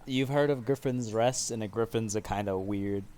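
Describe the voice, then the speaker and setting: Calm man narrating as game master. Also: fairly low pitch, normal speed, very noisy.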